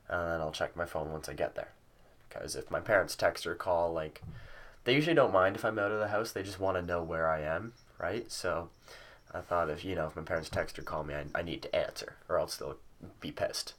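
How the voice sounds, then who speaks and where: A young man with a deep, low voice tells a rambling story straight to camera at home. He swears often and fills his sentences with ums and likes as he goes. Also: fairly bright tone. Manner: rambling, swears a lot, many fillers. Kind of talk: casual storytelling vlog. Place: at home with a cat nearby.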